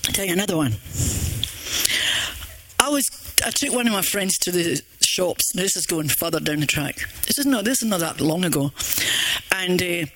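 A woman's voice: fairly low pitch, lively intonation, moderate pace, long pauses, a bit bright. An older woman with a Scottish accent giving an earnest, rambling church testimony with many restarts. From Scotland.

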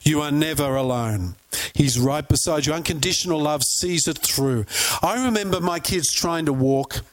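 A man preaching a sermon, telling lively stories and putting questions to his congregation. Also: a little high, moderate pace. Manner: animated storyteller, asks the crowd questions. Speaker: pastor.

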